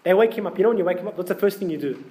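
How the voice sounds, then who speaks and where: High-voiced man preaching conversationally. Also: racing, mellow, slight background noise. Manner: conversational preaching with rhetorical questions. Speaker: priest. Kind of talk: sermon.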